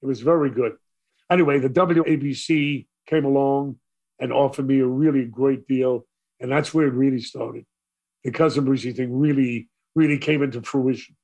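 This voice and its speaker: This older man, a radio DJ from Brooklyn, New York, appears as an interview guest and tells lively stories in a mid-range voice at a moderate pace, performing the voices of the characters in them.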